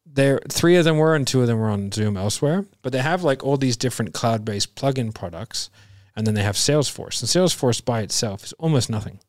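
A man's voice: medium pitch, a little fast, no echo. A man in casual podcast conversation who tells stories with energy, acting out what other people said and laughing as he goes. His voice sits in a middle register. The sound is dry and close to the mic. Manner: animated storyteller, acts out quoted voices with laughs. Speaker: podcast host. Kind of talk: casual chat.

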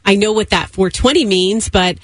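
A woman's voice: mid-range voice, normal speed, a little hiss or hum. A woman co-hosting a radio morning show, pushing back and joking. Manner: argumentative, playful. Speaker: radio co-host.

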